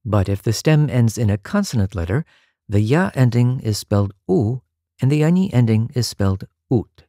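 Gravelly, lively male grammar teacher. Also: mid-range voice, no room sound, studio quality. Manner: clear, measured explanation with careful Russian examples. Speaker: language teacher. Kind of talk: scripted grammar lesson narration.

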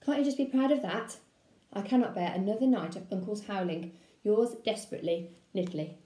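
A woman primary school teacher reading a children's book aloud to her class, with an expressive, playful delivery. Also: medium pitch, fairly quick, roomy sound.

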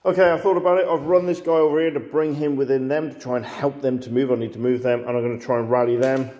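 A man who hosts a tabletop wargame in casual chat, laughs often and curses his dice out loud. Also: mid-range voice, steady tone, fast talker. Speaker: wargame player and host. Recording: echoey room.

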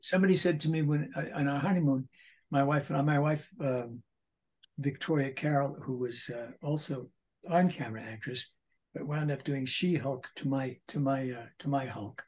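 Husky old guy in his 80s telling stories, lots of restarts, kinda animated. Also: on the high side, normal speed. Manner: animated anecdotes with many restarts. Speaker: voice actor guest. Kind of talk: casual interview storytelling.

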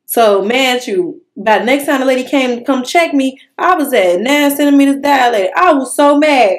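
A young woman hosting a casual podcast chat, telling an animated personal story in casual slang. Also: high voice, moderate pace, few pauses. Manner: animated storytelling, Southern Black-American vernacular slang. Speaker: podcast host.

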